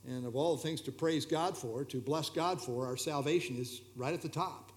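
Higher-voiced man teaching a Bible study. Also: moderate pace. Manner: hesitant, many fillers, relaxed and explanatory. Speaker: pastor leading a Bible study.

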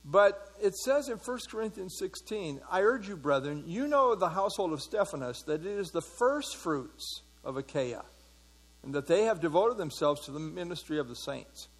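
Male pastor, slightly high pitch, conversational Bible study teacher who quizzes his audience. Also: very animated, moderate pace, husky. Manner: conversational, asks the audience questions, many fillers.

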